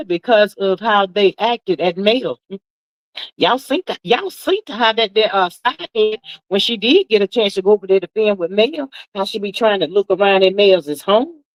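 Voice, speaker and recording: On her livestream, a sixty-something woman gossips casually at a normal speed, drawling and chatty, with plenty of "child" and "honey". Her lively voice swoops high for emphasis. The audio is dry but poor.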